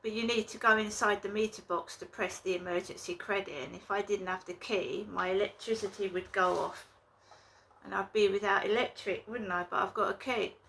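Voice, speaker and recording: A woman talking casually to her viewers in a rambling, indignant way, recording a vlog in her flat. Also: medium pitch, fairly quick, vocal fry, a little hiss or hum. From England. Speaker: vlogger. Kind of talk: casual vlog talk to camera.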